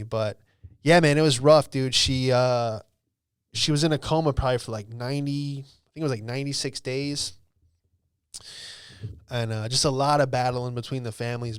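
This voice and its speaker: A young man hosting a podcast, telling a personal story in a rambling, profane way full of "bro" and "dude", sometimes dropping to a hush. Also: medium pitch, smooth, no room sound, studio quality. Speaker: podcast host. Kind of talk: casual storytelling monologue.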